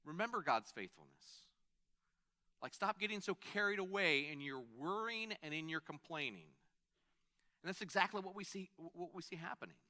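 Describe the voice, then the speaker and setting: A man's voice: sits high, animated, normal speed, bright, forceful tone. A man preaching a sermon in a conversational way, stopping to restart phrases and add asides. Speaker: pastor.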